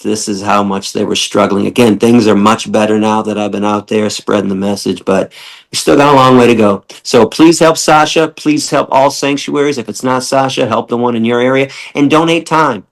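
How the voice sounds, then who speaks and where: Gravelly, passionate man swearing freely. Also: normal speed. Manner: acts out quoted people with big jumps in pitch. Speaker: podcast guest, animal rights activist. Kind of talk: casual interview talk.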